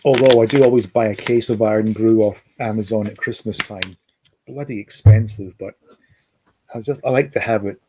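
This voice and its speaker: A man's voice: fairly low pitch, a little mellow, husky, dry recording. A man hosting a livestream, rambling casually, reading out chat comments and reminiscing. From Scotland. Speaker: livestream host. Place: home, lives in America.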